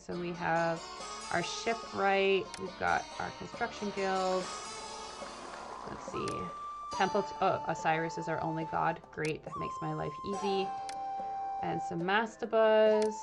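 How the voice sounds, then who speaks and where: A woman's voice: fairly low pitch, creaky. A young woman from the UK streaming a game and chatting casually with viewers, thinking aloud with many fillers. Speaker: streaming host and archaeologist. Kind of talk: casual live-stream commentary.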